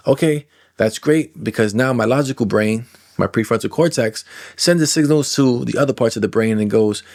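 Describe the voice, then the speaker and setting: A man in his forties with a mid-range voice talks straight to camera as a self-help coach. He is animated and conversational, stretching out words for emphasis and slipping into little acted inner voices. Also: medium pitch. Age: 40s. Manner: animated, acts out inner voices and imagined replies, drawn-out emphasis. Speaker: coach working with trauma clients.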